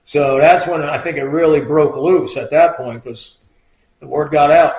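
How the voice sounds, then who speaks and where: A man's voice: fairly high pitch, steady tone, normal speed, darkish tone. A middle-aged man, a retired trooper, telling stories in a loose, rambling way, full of fillers and acted-out quotes. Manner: rambling, filler-heavy, acts out quoted lines in a raised voice. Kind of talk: casual anecdotal storytelling. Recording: roomy echo.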